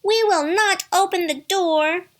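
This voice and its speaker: A woman voicing a group of small young goat kids in a storybook, high, loud and excited. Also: slow pace, exaggerated voice.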